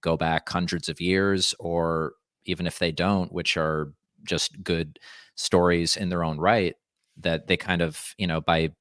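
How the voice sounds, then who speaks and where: Guest: man, low resonant voice, rambling and reflective, dry room. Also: level tone, unhurried, a bit bright, dry recording. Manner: rambling, thoughtful, restarts and fillers. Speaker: podcast guest. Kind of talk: casual conversation.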